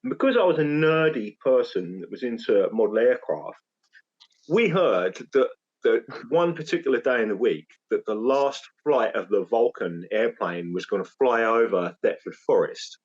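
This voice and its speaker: A young man telling an animated story from his school days as a podcast co-host chatting with his family. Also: mid-range voice, normal speed, husky. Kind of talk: casual storytelling chat. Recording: dull lo-fi sound.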